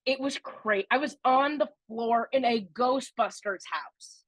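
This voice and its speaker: A woman with a bright, high-set voice co-hosts a casual podcast, gushing excitedly as she tells her stories. Her voice is recorded close and dry, with no room sound. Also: unhurried, no room sound. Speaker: podcast co-host. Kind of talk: casual podcast chat, ranking attractions.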